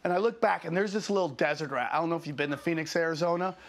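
A male stand-up comedian telling a crude, animated anecdote in an interview. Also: a little high, racing. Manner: crude, animated, acts out voices.

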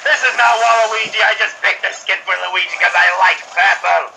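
A performer voicing a foul-mouthed young male fighter who taunts and shouts insults in a comedic gameplay skit. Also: mid-range voice, fairly quick, gravelly, soft background music, low-quality recording. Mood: gloating. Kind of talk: comedic voice acting over gameplay.

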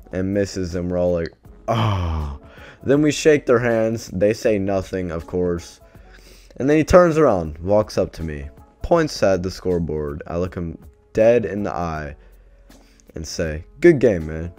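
A man's voice: low voice, darkish tone. A man vlogger telling a story casually, swearing a lot and sounding exasperated. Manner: profane, exasperated, rambling.

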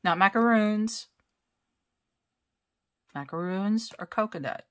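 A woman chatting casually at home as she unboxes diamond painting kits. She talks in a self-deprecating way, laughs often and thinks out loud. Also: lowish voice, animated, takes it slowly. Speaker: crafting vlogger. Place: home crafting space.

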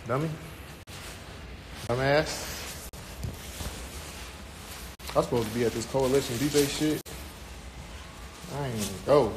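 A young man talks straight into his phone from home, loose, profane and rambling. His voice sits in a middle register, and steady noise hangs under the recording. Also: medium pitch, a little slow, long pauses. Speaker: livestream host. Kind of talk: casual livestream chat. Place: indoors at home. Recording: noisy phone livestream audio.

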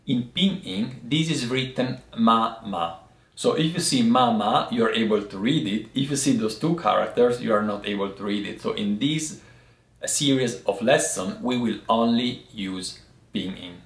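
A man hosting a language lesson, explaining thoughtfully and pausing to find his words. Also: medium pitch, echoey room. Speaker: host teaching Chinese tea words.

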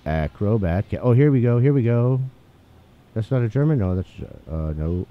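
A man casually commenting on a game he is playing, chatty and excitable, reading the on-screen text aloud. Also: mid-range voice, normal speed. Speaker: gaming channel host. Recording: tinny phone-like mic, faint hiss.

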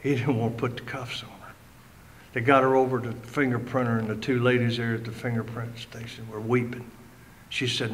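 An older man preaches to a live crowd with fervent emphasis, his voice sitting at an ordinary middle pitch. He tells the story in lively fashion and acts out the voices of the people in it. A faint background hum runs under his voice. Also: brisk, rough recording. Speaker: guest speaker and ordained minister. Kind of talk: impassioned preaching to a live audience.

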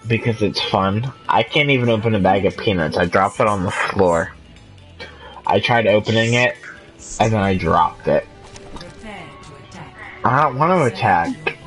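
A man's voice: fairly low pitch, a little slow, pauses often, fairly bright tone, soft background music, rough recording. A drunk man with a Canadian accent, rambling and giggling through casual chat while playing a game. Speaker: gamer streaming with friends.

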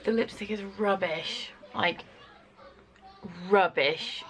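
A woman's voice: medium pitch, a bit bright, a little hiss or hum. A tired British woman vlogging at home, rambling chattily through her to-do list on a camera mic. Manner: chatty, rambling, quick asides. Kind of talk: casual chat to camera. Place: home, indoors.

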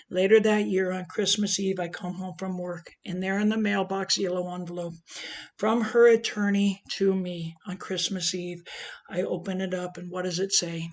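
A middle-aged woman giving an emotional personal testimony as a transgender advocate, speaking emphatically with big swings in loudness. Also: on the low side.

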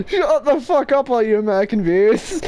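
A woman giving loud, profane commentary over gameplay, swearing and laughing often. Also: a little high, animated, fairly quick. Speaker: gaming video creator.

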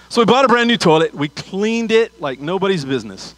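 Man, pastor, sermon, storytelling with asides, fairly high voice, dry close recording. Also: very animated, moderate pace, fairly bright tone, dry recording, rough recording.

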